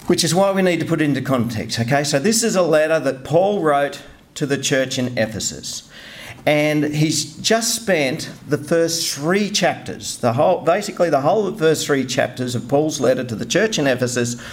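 A middle-aged man giving an informal, self-deprecating sermon, often restarting his sentences. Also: mid-range voice. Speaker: lay preacher.

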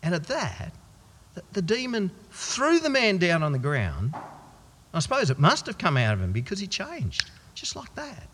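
An Australian man playing an amazed male follower of Jesus, telling it in a folksy, husky voice in a church. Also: high voice, huge pitch swings, normal speed, fairly bright tone, slight background noise, heavily acted. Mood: wondering. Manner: folksy, conversational storytelling. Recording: long church reverb.

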